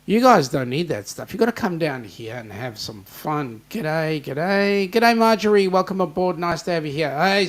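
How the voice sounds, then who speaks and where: A joking Australian host chats through a livestream and calls out viewers by name. His voice sits a little higher than most men's. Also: clean tone. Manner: jokey, greets chat viewers by name. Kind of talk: casual livestream chat.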